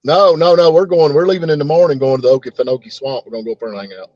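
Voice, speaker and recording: Southern American man, casual chat, slightly high voice, dry dull lo-fi sound. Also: rapid-fire, darkish tone, dry recording. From Southern United States. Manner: drawling, jokey, repeats words to try them out.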